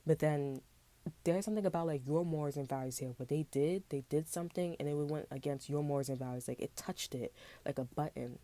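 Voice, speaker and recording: A woman with a low, mellow voice gives a casual tarot reading. She rambles along in loose slang, swearing freely as she talks straight to her viewers. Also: brisk, no room sound. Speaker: tarot reader.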